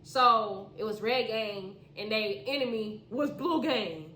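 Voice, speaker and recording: A woman podcast host reading her own story aloud, breaking off with animated, slangy asides. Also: on the high side, slow pace, a little hiss or hum. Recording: echoey room.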